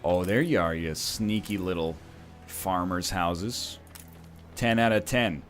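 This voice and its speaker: A man's voice: low-pitched, slow, soft background music. A man from Canada giving casual gameplay commentary as a streamer, rambling with joking asides. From Canada (Ontario).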